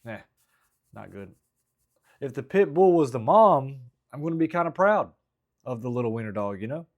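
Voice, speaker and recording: A man talks through his stand-up drafts in a relaxed vlog style. He rambles with frequent restarts and self-critical asides. His voice sits at an ordinary male pitch. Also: moderate pace, lo-fi sound. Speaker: stand-up comedian. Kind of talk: casual vlog, working through stand-up material.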